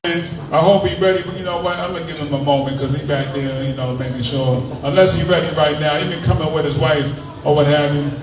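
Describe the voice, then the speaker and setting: A man's voice: a little high, fairly even intonation, quick pace, highs cut off, background noise. A man from New York with a New York accent, hosting an open mic and bantering casually with the audience. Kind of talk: casual crowd work. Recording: echoey room, distant mic, crowd.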